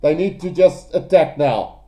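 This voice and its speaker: A man giving live play-by-play rugby commentary, excitable and addressing his viewers directly. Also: a little high, measured pace, dull audio.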